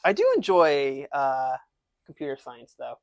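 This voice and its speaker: A man's voice: mid-range voice, very animated, vocal fry. Young man with a slight lisp. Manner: casual, halting, many fillers. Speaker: transfer student guest. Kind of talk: casual interview chat.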